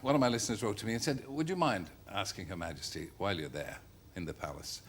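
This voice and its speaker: A man's voice: fairly low pitch, quick pace, slight background noise. An older man who is a broadcaster and a talk show guest, with dry, self-mocking humor. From Ireland. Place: TV studio.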